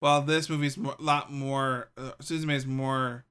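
A man's voice: medium pitch, flat delivery, a little slow, a bit bright, clean tone. A man co-hosting a podcast in casual chat, speaking hesitantly as he searches for words. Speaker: podcast co-host.

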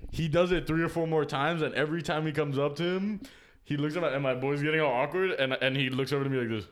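A man's voice: a little high, fairly even intonation, fast talker. A young man telling a story in a casual podcast chat, laughing often, acting out the people he met, in a slangy, profane way.

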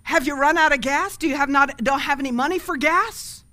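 A woman's voice: high-pitched, fairly quick, bright, forceful tone, pitched above the performer's own voice. A woman voicing a helpful male pastor who asks earnest, puzzled questions in a story.

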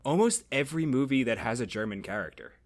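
A young man chatting casually, rambling and animated, laughing often. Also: mid-range voice, fast. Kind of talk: casual chat.

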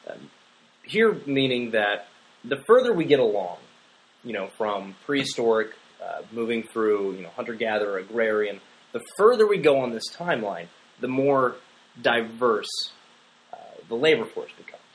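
A man's voice: mid-range voice, animated, normal speed, poor audio. A man casually discussing a film on a podcast, rambling with fillers and restarts. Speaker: podcast co-host.

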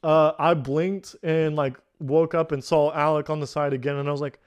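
A man's voice: on the high side, normal speed, hardly any pauses. A young man co-hosting a casual podcast, telling a story with laughter and acted-out quotes. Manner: animated, laughing, swearing, acts out quotes. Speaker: podcast co-host.

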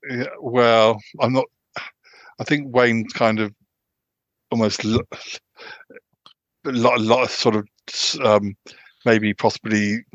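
A man hosting a casual podcast chat, talking haltingly with many restarts and fillers. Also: mid-range voice, level tone, no echo. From United Kingdom. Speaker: podcast host. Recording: dull, lo-fi sound.

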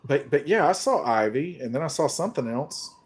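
Husky, animated tabletop player. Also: medium pitch, fairly quick. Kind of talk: casual tabletop play.

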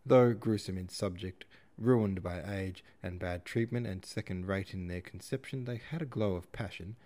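A man narrating a classic novel as an audiobook in a steady, measured reading. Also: sits low. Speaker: audiobook narrator, podcast host.

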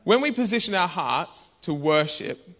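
A man's voice: high-pitched, normal speed. A man, preaching a conversational sermon in a church. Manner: conversational and animated, bursts into shouts. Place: church hall.

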